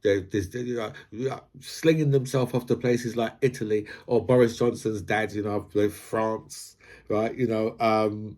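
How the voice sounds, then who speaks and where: A man's voice: lowish voice, fairly even intonation, measured pace, a little mellow. A man hosts a casual commentary vlog. He rambles and builds his points through analogies, peppering his talk with "right?" and "you know". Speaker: host.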